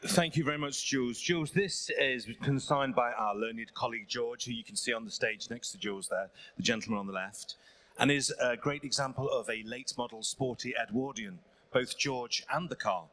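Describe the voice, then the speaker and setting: A man's voice: medium pitch, normal speed, a bit bright. A man presenting a classic car at an auction, enthusiastic and joking.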